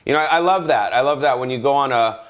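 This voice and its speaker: A middle-aged man hosting a solo comedic podcast rant, rambling and profane, cutting himself off and now and then breaking into yells. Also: mid-range voice, quick pace. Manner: rambling, profane, self-interrupting, bursts of yelling. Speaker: podcast host.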